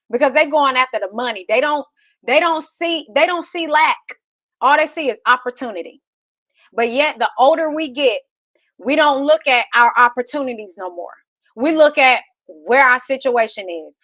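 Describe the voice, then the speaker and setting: Woman, thirties, motivational host, fired-up, preachy, high voice, dry close sound. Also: a bit bright, no room sound. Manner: fired-up, preachy, rhetorical questions. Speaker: real estate investor and host. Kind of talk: motivational talk to camera.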